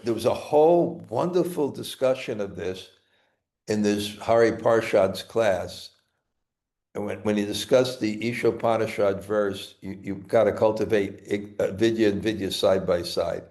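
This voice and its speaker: A man's voice: lowish voice, darkish tone. A man with a Brooklyn accent giving a scripture class, stopping and restarting often. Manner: halting, repeats words and restarts often. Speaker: spiritual teacher.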